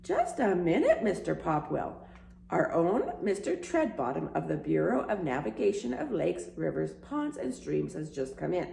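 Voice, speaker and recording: A woman's voice: fairly low pitch, wildly swooping pitch, moderate pace, vocal fry, dark tone, exaggerated voice. A woman voicing a bumbling, over-polite city hall clerk on the telephone in a storybook. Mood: officious.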